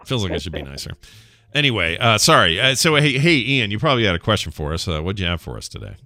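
A man's voice: on the low side, very animated, fast, sharp tone, soft background music. A man hosting a casual call-in podcast, chatty and jokey, laughing often. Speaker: podcast host. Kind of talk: casual call-in show chat.

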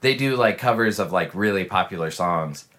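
A man's voice: sits low, expressive, moderate pace, fairly bright tone. A young man co-hosting a casual podcast, rambling with lots of fillers and laughing. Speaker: podcast co-host. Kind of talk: casual chat.

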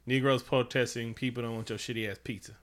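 A man with a bright, forceful voice riffs through a casual comedy chat at home. He is animated and profane, and he keeps dropping into quick mocking impressions of other people. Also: mid-range voice. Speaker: podcast co-host.

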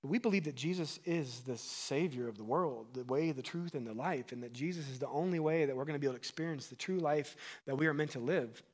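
A man's voice: a little high, fast talker, few pauses. A man in his thirties, a pastor preaching a sermon in an earnest, conversational way, asking the congregation questions and adding asides.

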